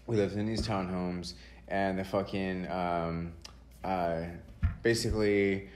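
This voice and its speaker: A young man from Texas hosts a casual podcast, his voice sitting fairly low. He tells stories in an animated, profane way. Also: slow. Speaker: podcast host.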